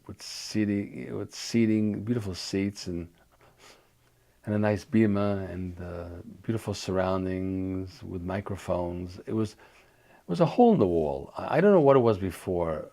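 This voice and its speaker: A man's voice: low voice, measured pace, vocal fry, mellow. An older man from New York reminiscing in an oral history interview, talking loosely with restarts and fillers.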